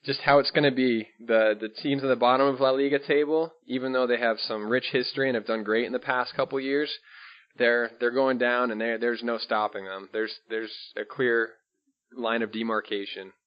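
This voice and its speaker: A man's voice: medium pitch, fairly even intonation, moderate pace. A man co-hosting a podcast, talking football in a casual, conversational way with fillers and restarts. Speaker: podcast co-host. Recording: dull lo-fi podcast audio.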